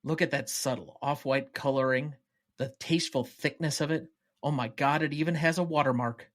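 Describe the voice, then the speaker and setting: A vain, icy male yuppie killer listing his grooming habits, read out by a man on a podcast. The reading is plain and even, with a voice that sits somewhat high for a man. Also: normal speed, close to an everyday voice. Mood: admiring. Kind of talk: reading film quotes aloud.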